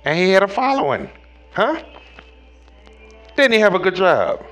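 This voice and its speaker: A man giving a preachy tarot reading in a slangy, profane way, talking straight to viewers and swinging between loud highs and low murmurs. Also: big pitch swings, unhurried, faint music behind. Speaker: tarot reader.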